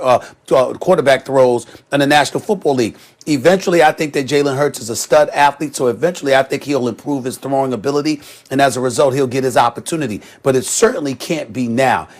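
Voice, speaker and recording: Emphatic man in a heated sports debate. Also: medium pitch. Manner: emphatic, rhetorical questions.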